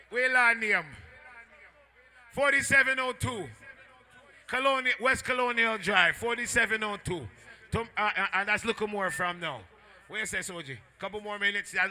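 A man with a Jamaican accent working as a sound system MC at a live dance, rowdy and shouting call-and-response to the crowd. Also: sits high. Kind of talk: live dancehall MC hype talk. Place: indoor dance venue at night.

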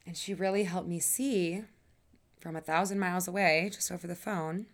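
On her own podcast, a woman delivers a personal monologue in a fairly low voice, with fairly even intonation and normal speed. She sounds earnest and emphatic, draws her phrases out, sighs now and then, and drops casual swears.

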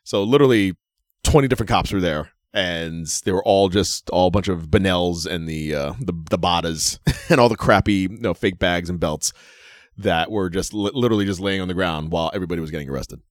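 A man's voice: low-pitched, a little fast, no room sound, clean studio sound. A man co-hosting a wrestling podcast in casual chat, ranting and swearing with lots of laughter. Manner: animated, swearing, laughing ranter. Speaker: podcast co-host.

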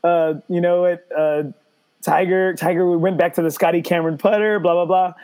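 High-voiced man telling a story. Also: normal speed, clean tone. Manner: animated storyteller, self-mocking. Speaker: podcast host. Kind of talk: casual podcast chat.

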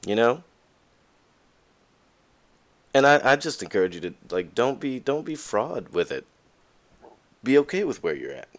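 A man's voice: medium pitch, very animated, normal speed. A young man hosting a podcast, talking candidly in a casual monologue and acting out the voices of people he quotes. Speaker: podcast host.

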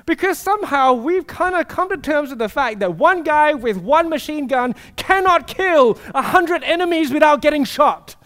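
A man preaching a sermon with animated storytelling, acting out voices. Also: extremely high pitch, normal speed, hardly any pauses.

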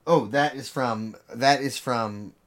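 A man co-hosting a podcast, playing along with a quiz in casual chat, joking and thinking out loud. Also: medium pitch, slow. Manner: playful, joking, thinks aloud. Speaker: podcast co-host and quiz contestant.

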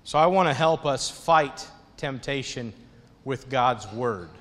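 Male pastor, conversational sermon delivery, lively storytelling; hall reverb. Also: mid-range voice, slow.

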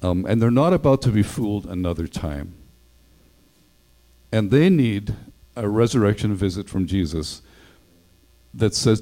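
A man's voice: on the low side, animated, measured pace, pauses often, mellow, low-quality recording. A male pastor preaching a sermon in a conversational way, acting out the voices of the people he quotes.

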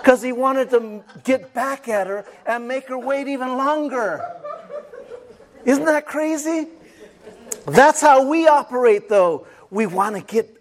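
A man with a notably high voice preaching a sermon to his congregation. He calls out for amens and acts out everyday stories to make his point. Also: measured pace. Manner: preaching with call-and-response amens and acted-out stories. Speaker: pastor.

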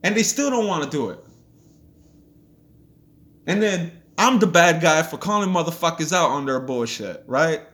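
A man's voice: on the high side, expressive, normal speed, long pauses, a bit bright. A man hosting a podcast, delivering a blunt, profane and heated motivational rant. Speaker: podcast host. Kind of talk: ranting motivational monologue.

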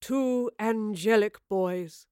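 A woman puts on a portly gentleman in his forties, dignified but wounded, speaking in formal, old-fashioned phrases. The voice is smooth and clear, recorded dry and close. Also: sits high, extremely slow, no echo. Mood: wistful. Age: 40s. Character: older man, portly, wounded, dignified, melancholy.

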